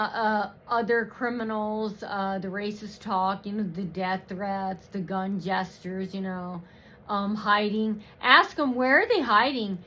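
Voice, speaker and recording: Woman vlogger, slow profane rant, bright tense tone, mocking, filler-heavy. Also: mid-range voice. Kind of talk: rambling personal rant.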